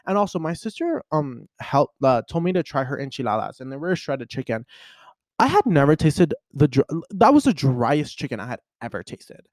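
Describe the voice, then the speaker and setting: A young man vlogging in a casual chat to camera, telling stories in a chatty, animated way with lots of fillers. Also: fairly high pitch, moderate pace, dry recording, clean studio sound. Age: young adult.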